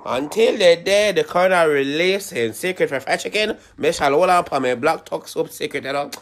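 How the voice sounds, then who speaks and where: Man plays boastful Jamaican Rasta chef, laid-back patois, slightly raised pitch. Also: moderate pace, close to an everyday voice. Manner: laid-back patois, full of "you know". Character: boastful male Rasta chef, restaurant owner.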